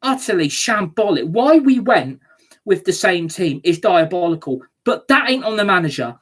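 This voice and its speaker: A woman's voice: on the low side, big pitch swings, moderate pace, husky. A woman ranting angrily as a football fan reacting to a match, sweary and scornful.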